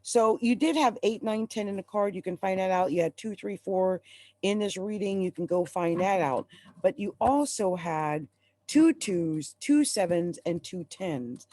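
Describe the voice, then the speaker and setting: A woman's voice: medium pitch, measured pace, mellow. A woman reading tarot cards on a live stream. She talks to viewers in an emphatic, urgent, encouraging way and is at times close to tears. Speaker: astrologer and tarot reader.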